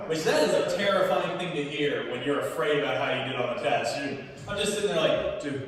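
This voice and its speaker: Young man, stand-up comedian, lively pitch, a bit high, distant mic, echoey theater. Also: brisk, slight background noise. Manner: animated storytelling, punchlines with crowd laughter. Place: small comedy theater stage. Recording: echoey hall from far off. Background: audience laughter.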